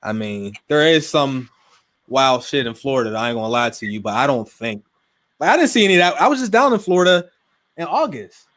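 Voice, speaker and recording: A man's voice: medium pitch, a little fast. Laid-back young man from Pittsburgh. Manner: relaxed, slangy, drifts quieter at phrase ends. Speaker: guest gamer and streamer. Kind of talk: casual podcast chat.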